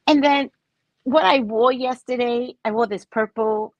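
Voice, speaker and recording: A woman's voice: fairly high pitch, takes it slowly, long pauses, a little mellow, no room sound, dull audio. A woman host telling a personal story in casual talk, acting out both sides of the dialogue. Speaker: podcast host.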